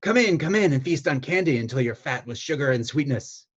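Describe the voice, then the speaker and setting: A man's voice: mid-range voice, animated, brisk, breathy edge, muffled recording, pitched above the performer's own voice. A man reading the lines of a sweetly menacing witch in a Halloween story. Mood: coaxing. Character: sly cannibal witch, sweetly menacing woman.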